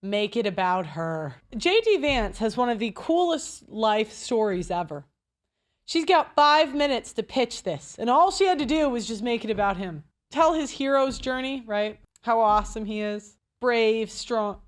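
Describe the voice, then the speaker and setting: A woman's voice: a little high, expressive, a little slow. A woman hosting a commentary show, reacting to a speech with blunt, crude mockery. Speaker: commentary host.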